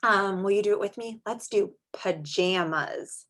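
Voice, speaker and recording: Woman, young adult, preschool teacher, sing-song, drawn-out words, patient lesson pace. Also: medium pitch, bright, forceful tone. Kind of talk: remote small-group lesson for young children.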